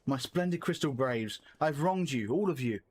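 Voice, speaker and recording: A man's voice: medium pitch, animated, moderate pace, darkish tone, husky. A man reading the lines of an earnest, formal young male elf leader, solemn and remorseful. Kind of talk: reading game dialogue aloud.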